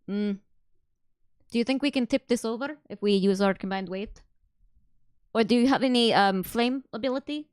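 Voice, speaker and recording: A woman's voice: fairly high pitch, normal speed, long pauses, a little mellow, smooth, no room sound. A woman playing a tabletop game, talking in a playful, hesitant way. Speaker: player.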